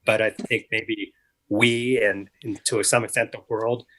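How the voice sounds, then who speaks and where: A man in his fifties, a charity organizer guest, speaking earnestly in a halting way with many restarts. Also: fairly low pitch, flat delivery, a bit bright, rough recording. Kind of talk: casual interview talk.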